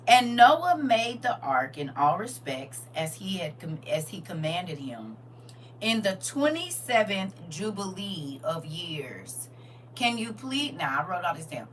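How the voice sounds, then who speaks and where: A woman's voice: fairly low pitch, a bit bright, far from the mic, a little hiss or hum. An older woman leading a casual livestream Bible lesson, chatting and teasing her viewers as she teaches. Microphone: phone.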